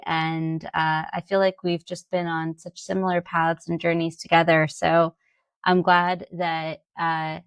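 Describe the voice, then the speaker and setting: A woman's voice: lowish voice, level tone, slow pace, smooth, dry recording. A woman hosting a podcast interview, reading an introduction and then chatting with her guest in an easygoing way. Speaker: podcast host.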